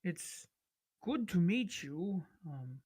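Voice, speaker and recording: A man voicing a courteous male lizardfolk scholar in a tabletop game, speaking slowly and carefully. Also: high-pitched, big pitch swings, a little mellow, breathy edge, exaggerated voice. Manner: slow, careful, courteous speech.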